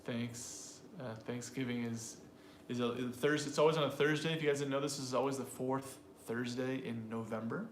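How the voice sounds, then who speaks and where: A man coaches English pronunciation in a relaxed, chatty way, often restarting his sentences as he thinks aloud. He talks straight to his learners. The room sounds echoey, with a faint hum of background noise behind him. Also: medium pitch, moderate pace, few pauses. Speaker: pronunciation teacher. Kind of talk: casual teaching chat.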